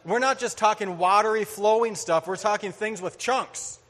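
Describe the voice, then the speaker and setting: Guy preaching a sermon, fairly high voice, lots of hall reverb, animated storytelling. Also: moderate pace. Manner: animated, acts out voices, laughs often.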